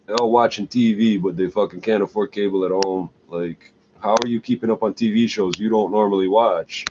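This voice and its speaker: A man's voice: fairly low pitch, fairly even intonation, a little fast. A middle-aged man in a crude, scornful, profane ranting monologue. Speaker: vlogger. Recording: dull lo-fi recording with faint hiss.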